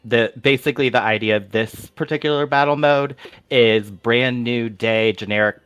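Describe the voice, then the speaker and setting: A man's voice: mid-range voice, moderate pace, a bit bright, smooth, no echo. A man playing a tabletop game, describing his character's actions hesitantly and with many fillers. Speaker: player.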